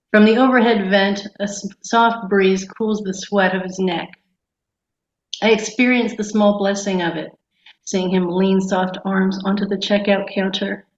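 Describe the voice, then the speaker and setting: A woman's voice: medium pitch, steady tone, unhurried. A woman author reading her own short story aloud. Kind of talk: literary reading with a spoken aside. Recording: echoey room, dull lo-fi sound.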